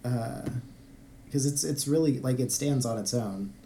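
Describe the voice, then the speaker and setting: A man's voice: mid-range voice, unhurried, mellow, a little hiss or hum. A man co-hosting a podcast, chatting casually about a video game and talking in a hesitant way with many restarts. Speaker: podcast co-host.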